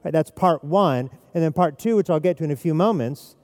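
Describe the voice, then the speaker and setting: A man's voice: a little high, fairly quick, hardly any pauses, a little mellow. Emphatic male preacher in a reverberant hall. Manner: emphatic, repeats key phrases. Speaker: pastor. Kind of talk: expository sermon.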